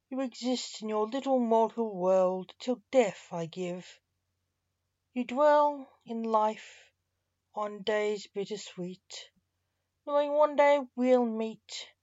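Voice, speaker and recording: Stern skeletal Reaper in monk's robes, read by a woman, sharp and declaiming, slow and dry on a dull lo-fi track. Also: fairly high pitch, no echo.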